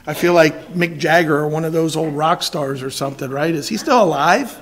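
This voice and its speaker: A man serving as assistant pastor, preaching an evening sermon in a hoarse, raspy voice, reading scripture and adding folksy, self-deprecating asides with some throat clearing. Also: a little high, brisk. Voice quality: raspy, scratchy. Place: church sanctuary.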